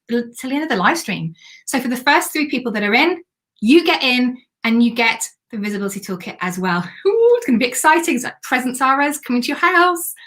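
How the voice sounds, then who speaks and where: A woman hosting a live stream as a business coach, chatty and excitable while pitching a program. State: has the hiccups.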